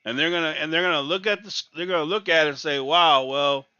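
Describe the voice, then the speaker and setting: A man's voice: on the high side, rapid-fire, sharp tone, smooth, no room sound, lo-fi sound. A man ranting in exasperation as he reacts live to a college basketball game, repeating his complaints. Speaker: sports talk host.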